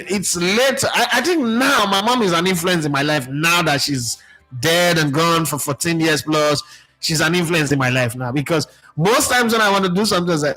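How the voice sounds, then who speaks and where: Nigerian man, sports broadcaster, casual monologue, slightly high voice. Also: poor audio. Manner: animated, reflective storytelling with pidgin phrases. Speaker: sports radio presenter.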